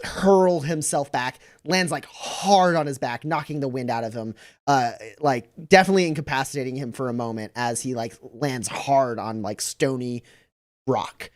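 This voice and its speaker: A man narrating a tabletop role-playing game as game master, rambling through scenes with many fillers. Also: mid-range voice.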